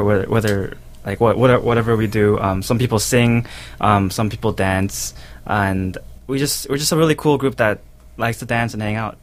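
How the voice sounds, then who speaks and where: Young guy, kinda low voice, lots of um and like. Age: young adult. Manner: hesitant, many fillers. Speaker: dance group member. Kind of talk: casual interview chat.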